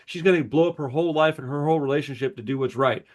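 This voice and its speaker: A man co-hosting a podcast, telling a story in a rambling, animated way, peppered with swearing and "bro" and "dude.". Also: fairly high pitch, rapid-fire. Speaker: podcast co-host. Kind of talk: casual chat.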